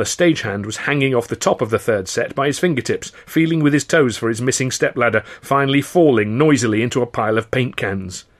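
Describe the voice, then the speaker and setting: A middle-aged man reading his own novel aloud in dry, measured first-person narration. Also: medium pitch. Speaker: author and audiobook reader.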